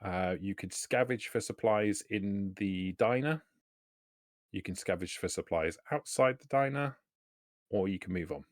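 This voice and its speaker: A man narrating as game master of a tabletop game, relaxed and halting, with many fillers. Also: lowish voice, dry recording, clean studio sound.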